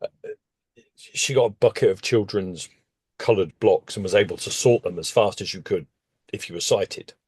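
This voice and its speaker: Man, interview guest, casual storytelling, lowish voice, animated, dry close sound. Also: moderate pace, breathy edge, dry recording. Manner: animated, with sudden jumps in pitch.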